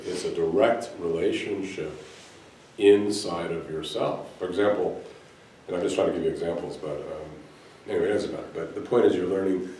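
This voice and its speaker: Before an audience in a hall, a man with a deep voice and dark tone gives a Sufi teacher's earnest spiritual talk, telling stories and frequently restarting. There's a little hiss or hum, and the echoey recording places him far from the mic.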